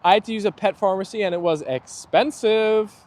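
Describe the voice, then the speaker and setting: A man's voice: high voice, a little fast, darkish tone. A young man hosting a live stream outdoors, chatting easily and reading viewer comments aloud while his dogs play. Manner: chatty and easygoing, laughs often. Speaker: livestream host.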